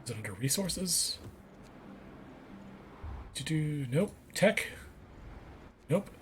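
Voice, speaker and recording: A man's voice: a little high, sing-song, takes it slowly, a little hiss or hum. A man doing casual gameplay commentary, reading on-screen text aloud and correcting himself as he goes. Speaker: let's play gamer.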